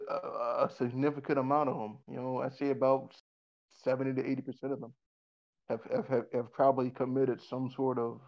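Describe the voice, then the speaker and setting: A man's voice: medium pitch, vocal fry, dull audio. A man in casual conversation who rambles, restarts often, repeats words and swears bluntly.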